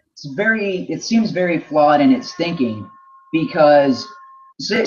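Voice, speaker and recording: Man co-hosting a casual talk, measured and reasoning aloud, fairly high voice, dull lo-fi recording. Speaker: podcast co-host. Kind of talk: casual discussion. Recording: dull lo-fi sound.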